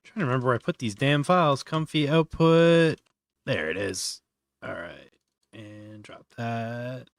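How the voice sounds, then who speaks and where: A man's voice: mid-range voice, unhurried, dry recording. Man thinking aloud through a tutorial. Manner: thinking aloud with many fillers and trailing restarts. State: yawning often. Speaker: live-stream host. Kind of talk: live-stream software tutorial, casual.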